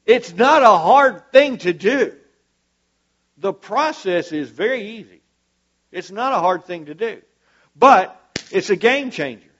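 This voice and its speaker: High-voiced fervent male preacher. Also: lively intonation, slow pace, fairly bright tone, muffled recording. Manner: fervent, emphatic, with repetitions. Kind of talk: sermon. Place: church service with congregation.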